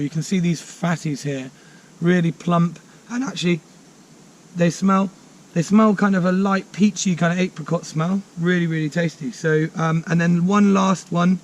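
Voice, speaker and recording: A mushroom forager who teaches courses gives a casual explanation outdoors in woodland. His fairly high voice is enthusiastic and chatty, with many fillers.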